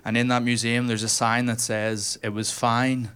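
A man's voice: mid-range voice, level tone, normal speed, very noisy. A man with a Northern Irish accent doing a stand-up comedy set, punchy and teasing the audience. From Northern Ireland.

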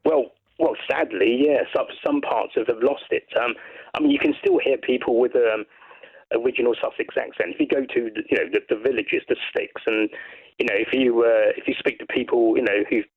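An English man calls in to a radio show over a narrow, tinny phone line. He rambles with enthusiasm and trips over his own restarts. His voice is gravelly and a little husky, and it rises and falls a lot. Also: medium pitch, lively intonation, brisk. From England. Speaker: caller. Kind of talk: casual chat on a radio phone-in.

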